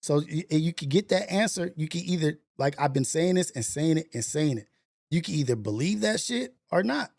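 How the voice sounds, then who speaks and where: Forty-something male streamer, animated and gravelly, loose casual chat. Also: a little high, a little fast. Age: 40s. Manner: animated, swearing, laughing, exaggerated reactions. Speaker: livestream host.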